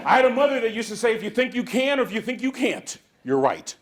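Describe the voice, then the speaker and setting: A man's voice: very high-pitched, big pitch swings, fast talker. A man from the San Francisco Bay Area giving a motivational keynote to a live conference audience, preaching with call-and-response. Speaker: motivational speaker.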